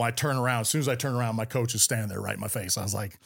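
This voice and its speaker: A middle-aged man from California, a podcast guest and former military officer, telling stories in an energetic interview with frequent restarts. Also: fairly low pitch, gravelly. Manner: fast, energetic storytelling with repeated words and restarts. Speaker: podcast guest, former Navy SEAL commander. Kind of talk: storytelling interview talk.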